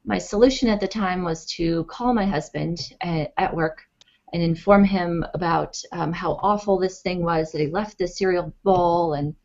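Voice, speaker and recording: A woman's voice: fairly low pitch, normal speed. A woman guest on an interview, telling a personal story in a chatty way, with lots of fillers and acted-out quotes. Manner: animated, acts out quotes, many fillers. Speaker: interview guest, author and blogger. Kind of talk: conversational storytelling. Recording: dull lo-fi audio.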